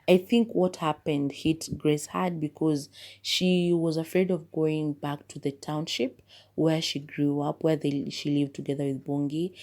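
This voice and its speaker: A woman's voice: deep voice, warm tone. A woman hosting a podcast, casually retelling a movie plot in a chatty, loose way full of "like" and "blah, blah, blah.". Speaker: podcast host.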